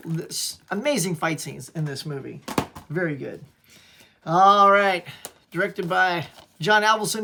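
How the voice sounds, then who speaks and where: A man's voice: sits high, creaky, pushed and bright. A man hosting his own channel, chatting casually and upbeat as he shows his home movie collection and calls viewers "y'all". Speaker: channel host. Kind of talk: casual collection show-and-tell.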